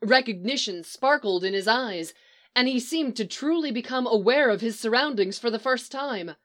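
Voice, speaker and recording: A woman narrating a story aloud in a steady, measured reading. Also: a little high.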